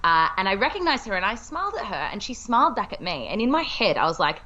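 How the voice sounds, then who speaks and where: A woman's voice: mid-range voice, big pitch swings, fairly quick, pushed and bright, highs cut off. Chatty woman on a call. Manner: bubbly, chatty, laughs often. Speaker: podcast co-host. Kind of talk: casual chat. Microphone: video call.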